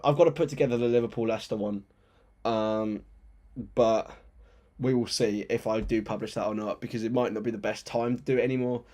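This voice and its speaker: A young man hosting a live football watchalong, chatting with viewers and switching into excited play-by-play commentary. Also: medium pitch. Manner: chatty, reads chat aloud, bursts into excited play-by-play.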